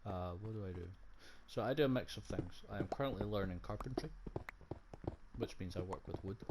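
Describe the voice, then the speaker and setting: A young man with a Scottish accent rambles through a casual gaming vlog, joking and swearing as he goes. His voice sits fairly low, and loud noise runs behind it the whole time. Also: a little fast. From Scotland. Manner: rambling, profane, jokey. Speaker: gaming vlogger. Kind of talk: casual chat while playing a game.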